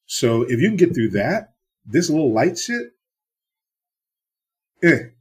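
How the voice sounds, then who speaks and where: A man's voice: mid-range voice, very animated, takes it slowly, breathy edge. A middle-aged TV producer from the US East Coast, telling blunt, profane stories in a casual interview and acting out the exchanges he quotes.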